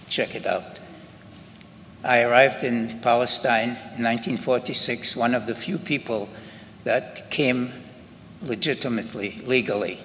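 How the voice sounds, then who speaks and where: An older man with a Scottish accent, giving slow, halting spoken testimony to an audience in a synagogue hall. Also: medium pitch, fairly bright tone. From Scotland. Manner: slow, halting storytelling with many pauses and restarts. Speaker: Holocaust survivor giving testimony. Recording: reverberant hall with faint ambient noise.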